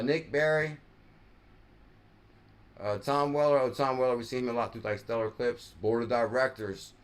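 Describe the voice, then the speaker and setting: A man hosting a crypto live stream in casual commentary, rambling, thinking aloud and correcting himself as he scrolls. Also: mid-range voice.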